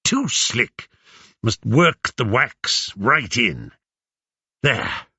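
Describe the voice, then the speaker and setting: A haughty young nobleman who barks orders and swells with indignation, as a man acts him out in an audiobook. The delivery is pompous and full of lively rises and falls. It sits on a dry, slightly dull recording. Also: mid-range voice, extremely slow, slightly rough, no room sound, exaggerated voice. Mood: blustering. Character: arrogant, blustering young nobleman, leader of suitors.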